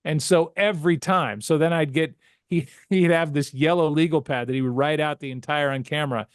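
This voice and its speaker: A man who works as a sportscaster, telling animated anecdotes as an interview guest, often restarting his sentences. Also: a little high, a little fast, dry recording, studio quality. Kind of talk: casual storytelling interview.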